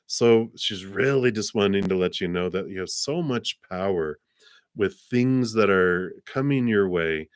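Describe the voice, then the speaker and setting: A man with a low, deep voice gives a casual live tarot reading, rambling with fillers and laughing lightly between phrases. The sound is close and dry, with no room echo around him. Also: fairly bright tone. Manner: chatty, easygoing, laughs often between phrases; rambling with fillers, paraphrases spirits in his own voice. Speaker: tarot card reader, host of a live stream.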